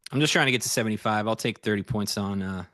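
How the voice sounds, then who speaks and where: A man's voice: on the low side, quick pace, bright, forceful tone, no echo, clean studio sound. A man co-hosting a live futures trading stream, chatting easily and laughing often. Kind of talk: casual live-stream banter.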